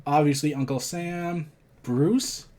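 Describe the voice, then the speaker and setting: A man's voice: on the high side, steady tone, takes it slowly, a little mellow. A man reading a curt masked vigilante.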